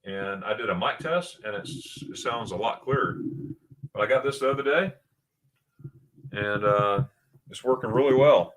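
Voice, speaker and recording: A man's voice: mid-range voice, moderate pace, pauses often, noisy background. A man hosting a casual livestream from his own desk mic, chatting loosely and reading viewer comments aloud. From United States. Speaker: livestream host. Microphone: new desk microphone.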